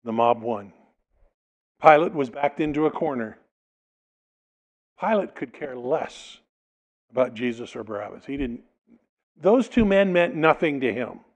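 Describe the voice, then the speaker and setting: A man's voice: medium pitch, lively intonation, unhurried, pauses often, dull audio. A male pastor preaching a sermon, reading a passage aloud and explaining it, sometimes acting out the people in it. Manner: expository preaching, reads scripture then explains it, dramatizes quotes.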